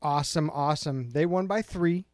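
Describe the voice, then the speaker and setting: A man co-hosting a casual sports podcast, talking excitedly and breaking into quick impressions of people. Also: a little high, no echo, studio quality. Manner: excitable, mimics people in bursts. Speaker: podcast co-host.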